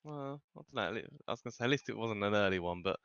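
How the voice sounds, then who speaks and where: A man's voice: on the low side, lively intonation, rapid-fire, fairly bright tone, smooth, no room sound, highs cut off. A man co-hosting a casual podcast, telling stories hesitantly with many restarts. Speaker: podcast co-host.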